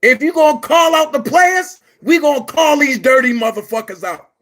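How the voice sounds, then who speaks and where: A man delivering a heated, profane rant to his viewers, shouting at times. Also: very high voice, animated, moderate pace. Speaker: commentary vlogger. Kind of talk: angry rant to camera.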